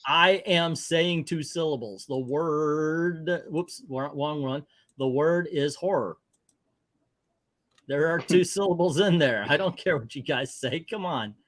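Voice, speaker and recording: A man's voice: on the high side, takes it slowly, dry recording. A middle-aged man hosting a casual movie chat, joking, rambling and emphatic. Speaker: host.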